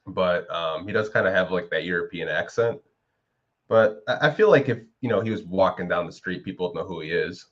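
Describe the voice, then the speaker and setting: A man with a very low voice talks in a loose, rambling way, packing his sentences with "like" and "you know". He sounds like a co-host on a casual sports podcast. The audio is a bit dull and lo-fi. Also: lively intonation, a little fast, a bit bright.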